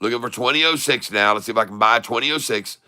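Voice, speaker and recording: A man streaming his live day-trading, excitable, calling out prices over and over and taunting short sellers. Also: medium pitch, quick pace, noisy background. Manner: addresses viewers as folks, taunts short sellers.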